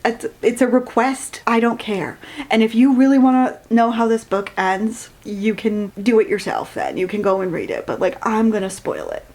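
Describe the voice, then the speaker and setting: A woman's voice: fairly high pitch, sing-song, moderate pace, a little mellow. A woman giving a sarcastic, laughing rant review of a book, reading passages aloud and breaking in with blunt, swearing asides.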